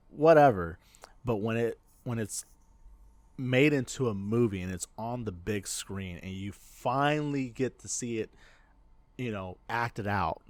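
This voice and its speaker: A man's voice: fairly low pitch, no room sound. A man co-hosting a podcast, telling stories in casual chat, rambling with frequent laughter and restarts. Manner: rambling storyteller, laughs often, many restarts. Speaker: podcast co-host.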